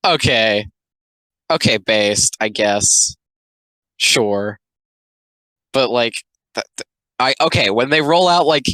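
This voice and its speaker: Sarcastic rambling young man, bright voice. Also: medium pitch, no echo, low-quality recording. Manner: rambling, sarcastic, many filler likes. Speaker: commentator. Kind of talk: casual reaction commentary.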